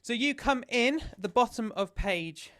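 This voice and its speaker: A man's voice: very high voice, expressive, measured pace. A man leading a choir sectional rehearsal as music director. He explains the parts step by step and counts in the beats.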